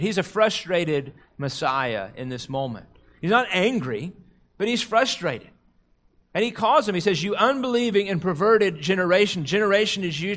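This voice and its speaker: A middle-aged man preaching a sermon, earnest, slowing and softening on quoted prayers and scripture, and rising in pitch and force when he stresses a point. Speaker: pastor.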